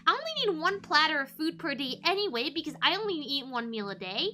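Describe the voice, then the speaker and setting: A woman's voice: high voice, sing-song, fairly quick, pushed and bright, heavily acted. A woman voicing a ditzy, carefree, self-absorbed young woman in an airy, sing-song manner.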